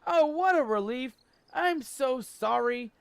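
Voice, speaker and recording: A man reading the lines of a wounded werewolf mother in a video game, in a soft, doting manner. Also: very high voice, animated, slow, vocal fry, smooth, no echo, full character voice. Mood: tender, doting. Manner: tender, doting. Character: wounded werewolf mother, tender, long-lost wife.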